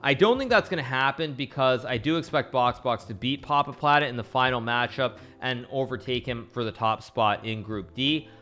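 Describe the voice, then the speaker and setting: Bright-voiced man analyzing chess casually. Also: mid-range voice, normal speed, hardly any pauses. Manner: rambling, with frequent restarts and self-corrections. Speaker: chess streamer analyzing games.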